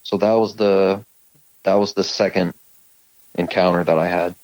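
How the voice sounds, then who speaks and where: Male guest from California, very low voice, halting, dry close sound. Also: steady tone, darkish tone, no echo, low-quality recording. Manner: rambling, halting, many fillers and restarts. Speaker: guest telling encounter stories. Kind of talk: casual storytelling on a call.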